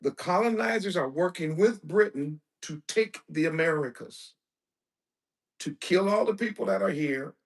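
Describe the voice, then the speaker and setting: A male preacher giving a lecture-style sermon, emphatic, asking rhetorical questions and breaking into bursts of shouting. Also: sits high, animated, normal speed, creaky. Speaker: preacher and teacher.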